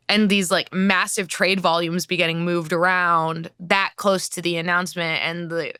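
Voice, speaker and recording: An American woman journalist co-hosting a casual political talk show, chatty and animated, full of filler words. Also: fairly low pitch, moderate pace, few pauses, clear, resonant tone, no echo, studio quality. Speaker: co-host, journalist.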